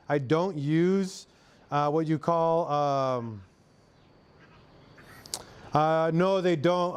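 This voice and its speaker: This young adult man from Arkansas has a Southern US accent and a fairly high, clear, resonant voice. Working as a mechanic on a live stream, he chats loosely with viewers, answering their messages and drawling "y'all."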